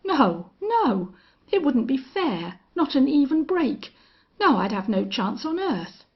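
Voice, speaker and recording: A woman's voice: medium pitch, a little slow, gravelly, husky, muffled recording. A woman reading an audiobook western voices a cowardly, blustering young ranch heir who stammers in panic. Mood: panicked.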